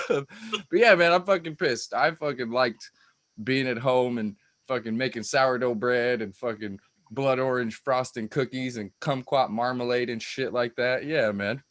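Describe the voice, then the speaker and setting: Male comic, crude and swearing, average pitch, dry mic. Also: unhurried, fairly bright tone, dry recording. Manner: crude, swearing, laughing at own jokes. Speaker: stand-up comedian. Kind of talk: profane stand-up set. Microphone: cheap lip mic.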